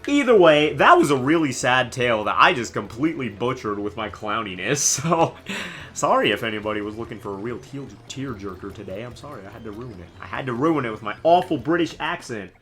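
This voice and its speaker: A man streaming a game live, commenting in an excitable, jokey way and laughing often. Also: medium pitch, brisk. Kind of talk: live let's-play commentary.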